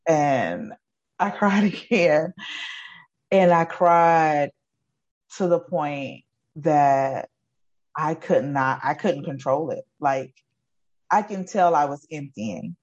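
A woman's voice: low-pitched, animated, takes it slowly, pauses often, darkish tone, lo-fi sound. A woman in her forties, an educator, giving an emotional personal testimony in an earnest, repetitive storytelling way. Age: 40s. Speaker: guest, educator.

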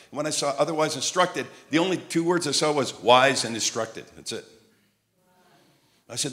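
An older male preacher from Montreal, telling humorous stories in his sermon and rising to loud, emphatic peaks. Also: medium pitch, a little fast. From Montreal, Canada.

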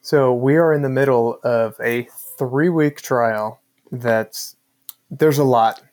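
Man, podcast co-host, casual chat, easygoing, mid-pitched voice. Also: takes it slowly, darkish tone.

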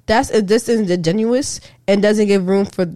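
A woman's voice: mid-range voice, measured pace, mellow. A woman co-hosting a casual chat, blunt and mocking, often laughing. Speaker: podcast co-host.

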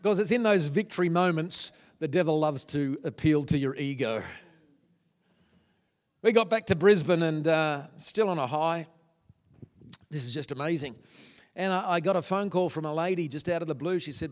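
A man's voice: fairly high pitch, moderate pace. A middle-aged man giving an earnest, emotional testimony to a church audience, with stumbling restarts. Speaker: guest speaker. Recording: long hall reverb.

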